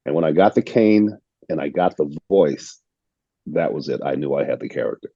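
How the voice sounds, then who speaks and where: An older man from the United States, an actor being interviewed, telling stories in a reflective, unhurried way and repeating words as he restarts. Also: very deep voice, animated, dark tone, husky, dry recording, muffled recording. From United States (Illinois). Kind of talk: casual storytelling interview.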